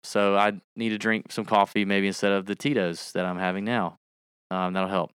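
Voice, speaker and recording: A man's voice: lowish voice, normal speed, clean tone, dry recording, studio quality. A man co-hosting a casual podcast, reading an ad and joking around with his co-host, bursting into song impressions. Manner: animated, breaks into rapping and song impressions. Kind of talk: casual podcast chat with ad read.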